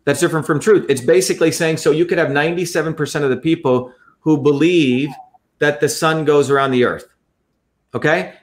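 Man, somewhat high voice, earnest, lecturing, repeats himself, interview guest. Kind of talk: explanatory interview talk.

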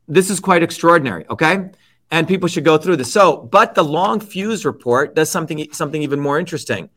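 Blunt, emphatic man with higher voice. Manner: forceful, checks in with repeated "okay?"; blunt, swears freely. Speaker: interview guest. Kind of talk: emphatic conversational storytelling.

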